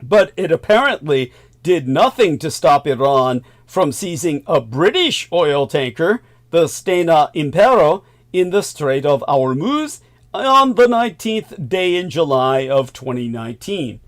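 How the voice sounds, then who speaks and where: A man's voice: fairly high pitch, very animated, measured pace. A male host delivering a long current-affairs monologue, emphatic, with sardonic asides and chuckles.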